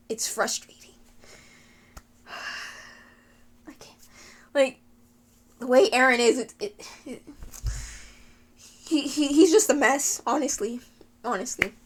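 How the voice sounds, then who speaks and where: A woman's voice: high-pitched, fairly bright tone. A woman giving a rambling, gushing anime rant, with frequent sighs, laughs and fillers. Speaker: anime video creator.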